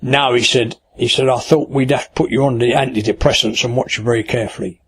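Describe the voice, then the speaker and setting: An older man tells a story in relaxed, everyday speech. He is blunt and wry, with a plain colloquial turn of phrase. He brings the dialogue to life by jumping his pitch up for each quoted line. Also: fast, husky. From Kent, England. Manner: lively yarn-spinner, acts out quoted dialogue with raised pitch. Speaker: angling broadcaster interviewee. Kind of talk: casual anecdotal storytelling.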